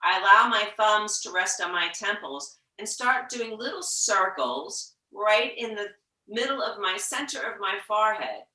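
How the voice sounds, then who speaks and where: A woman teaching a yoga class, talking slowly and gently, sometimes dropping to a whisper to show the breath. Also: mid-range voice, expressive, far from the mic. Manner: slow, gentle guiding with soft whispered breath demos. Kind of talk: guided yoga instruction. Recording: echoey room, voice from off-mic.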